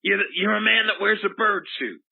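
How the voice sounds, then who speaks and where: A man's voice: sits high, brisk, gravelly, breathy edge, phone-quality sound, heavily acted. A man playing a flippant pop psychologist from Oklahoma who hosts a comedic call-in show, prissy and easily rattled, stammering when callers swear. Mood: awkward. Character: flippant middle-aged male pop psychologist radio host.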